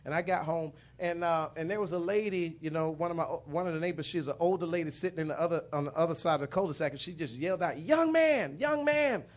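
A middle-aged man shares his testimony from the pulpit, his voice sitting a bit high for a man. He rambles and restarts often, circling back through the story with plenty of fillers. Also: steady tone, fast, hardly any pauses. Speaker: minister. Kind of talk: personal testimony in a sermon.

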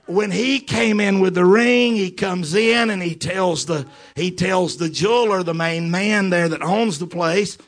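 A man preaching a sermon as a story, peppering it with amen and repeating lines as he builds to fervent shouts. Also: high voice, unhurried, few pauses. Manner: punctuates phrases with amen.

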